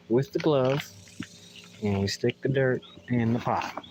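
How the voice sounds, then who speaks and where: A man's voice: mid-range voice, slow pace, long pauses, heavy background noise. A man chatting casually in a live vlog while potting plants in a garden, rambling with sarcastic mock enthusiasm, recorded on a phone in his hand. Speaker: gardening vlogger. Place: outdoor garden. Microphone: phone held in hand.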